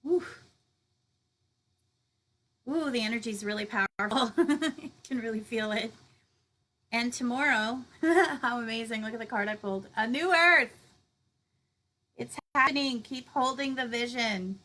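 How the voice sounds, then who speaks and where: A woman's voice: fairly high pitch, a little slow, pauses often, bright, forceful tone, rough recording. Effusive, giggly woman meditation host. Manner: effusive, giggly, reading out comments. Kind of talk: live-stream closing chat with viewers.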